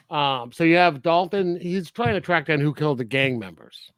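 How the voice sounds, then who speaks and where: A man's voice: on the high side, lively intonation, normal speed, a bit bright, smooth, no room sound. A man co-hosting a film review podcast in casual chat, often laughing as he recaps scenes. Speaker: podcast co-host.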